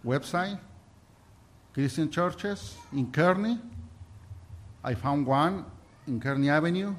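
A man with a somewhat high-pitched voice preaches a heartfelt sermon. He reads scripture aloud and shares his own experience in an earnest, halting way, often stopping to restart a thought. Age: adult. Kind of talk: sermon mixing Bible reading and personal testimony.

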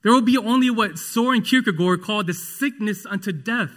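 A man preaching a sermon in a slow, earnest and emphatic way. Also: high-pitched, a bit bright.

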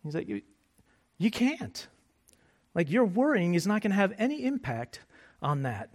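A male pastor delivering a sermon in an animated, conversational way. His voice sits high and moves through a wide, expressive range. He mixes humor with quiet, hushed moments. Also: fairly quick. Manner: animated preaching with jokes, dropping to soft hushed phrases.

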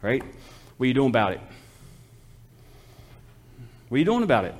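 A man's voice: medium pitch, very animated, moderate pace. A man preaching a sermon as a missionary, folksy and exhortative, calling out to the congregation for responses.

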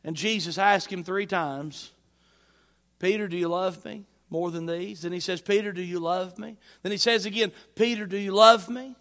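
High-voiced preaching man. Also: fairly even intonation, moderate pace, fairly bright tone. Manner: emphatic, repeats phrases with rising force. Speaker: pastor. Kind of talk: sermon. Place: church.

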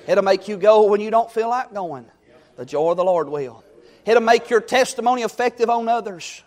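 Fervent preacher with a high voice. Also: male voice, expressive, moderate pace. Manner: fervent, swings from loud exhortation to quiet storytelling. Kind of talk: sermon.

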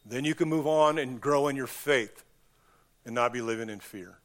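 In a church, a male pastor preaches an emphatic, impassioned sermon at a moderate pace. His pitch and loudness rise and drop suddenly.

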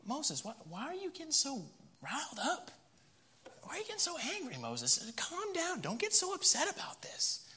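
A man preaching who voices a biblical man making defensive, whiny excuses to his brother, pitched up high. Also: wildly swooping pitch, normal speed, sharp tone, full character voice. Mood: pleading. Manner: whiny, defensive, brushing off blame.

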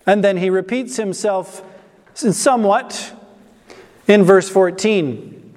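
Slow, emphatic high-voiced male preacher. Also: darkish tone. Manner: emphatic, slow and deliberate preaching with stressed repetitions. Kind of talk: sermon. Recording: long hall reverb.

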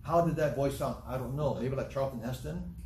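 A man's voice: mid-range voice, a little fast, darkish tone, distant mic, a little hiss or hum. An older man preaching a sermon in a church hall, telling stories with humorous asides and repeating his points. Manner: storytelling, repetitive, humorous asides. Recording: echoey room from afar.

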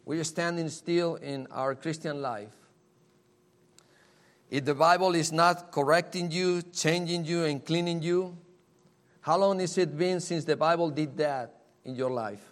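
A man preaching a sermon in a slow, earnest way, often repeating key phrases. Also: on the high side, steady tone.

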